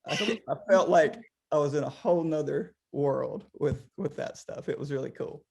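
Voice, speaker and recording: A man's voice: on the high side, moderate pace, creaky, slightly rough. A middle-aged man, a potter, chatting casually over a video call, rambling with many restarts. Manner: rambling, animated, lots of restarts.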